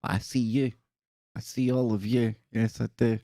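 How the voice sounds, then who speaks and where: A man's voice: medium pitch, little pitch movement, normal speed, mellow, no room sound, studio quality. A man hosting a live stream in a casual, chatty way, greeting viewers by name and making joking asides. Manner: jokey, self-deprecating asides.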